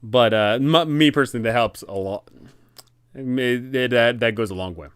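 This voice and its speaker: A man hosting a casual tabletop-game advice talk, animated and rambling, correcting himself often. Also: medium pitch, moderate pace, smooth, dry recording. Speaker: dungeon master and channel host.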